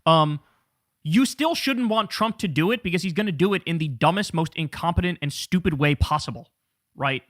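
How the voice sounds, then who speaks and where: A middle-aged man hosts a political commentary show, ranting with profanity and biting sarcasm. His slightly high voice is expressive and fairly bright, delivered at normal speed. The sound is clean studio quality with no room sound.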